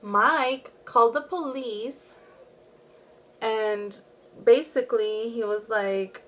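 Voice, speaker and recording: A young woman with a fairly high, slightly bright voice speaks slowly, with a little hiss or hum in the audio. A beauty and true crime vlogger, she tells a true crime story while doing her makeup at home, chatty and rambling, with frequent "like" and asides.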